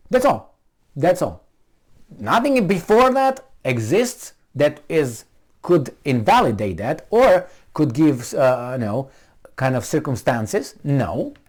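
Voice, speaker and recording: A man's voice: fairly high pitch, a little mellow. A man giving a heated, sarcastic running commentary, mocking and arguing with the people he talks about. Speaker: political commentator. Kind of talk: ranting video commentary.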